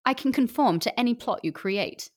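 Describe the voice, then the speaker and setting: A woman's voice: on the high side, expressive, normal speed, pitched above the performer's own voice, close to an everyday voice. A woman reading as a suave British master criminal. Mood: self-assured. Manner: smooth, explaining, self-assured.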